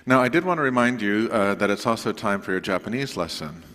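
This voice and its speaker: A man preaching to his congregation in a relaxed, conversational way, with asides to the listeners. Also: fairly low pitch, quick pace. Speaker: pastor. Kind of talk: sermon announcements. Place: church sanctuary. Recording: long reverb of a church sanctuary.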